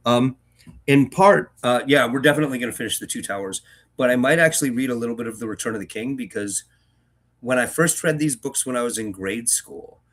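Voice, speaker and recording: A man's voice: mid-range voice, fairly bright tone. A man hosting a book-reading channel, chatting casually between readings in a rambling way, with frequent restarts and fillers. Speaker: reader and host.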